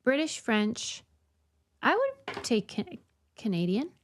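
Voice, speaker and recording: A woman co-hosting a podcast in casual chat, chatty and quick to laugh. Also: a little high, huge pitch swings, a little hiss or hum. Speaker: podcast co-host.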